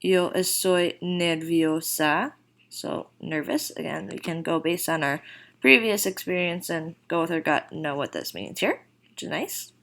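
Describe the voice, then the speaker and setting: Gravelly-voiced woman teaching a lesson. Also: low-pitched, big pitch swings, fairly bright tone. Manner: slow, deliberate model phrases with casual fillers. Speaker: Spanish teacher. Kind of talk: recorded vocabulary lesson.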